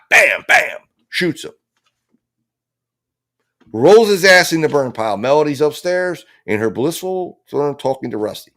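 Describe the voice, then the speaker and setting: A man's voice: fairly high pitch, a bit bright. A man giving impassioned legal commentary as host of a true crime analysis show, talking bluntly and emphatically with frequent cursing. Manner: emphatic and blunt, with frequent profanity and repeated phrases.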